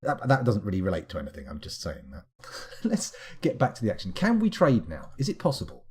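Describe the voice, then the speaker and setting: A man giving live, rambling let's-play commentary, animated and self-mocking as he chats and wanders off on tangents. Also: fairly low pitch, a little fast, slightly rough. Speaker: streamer playing a management game.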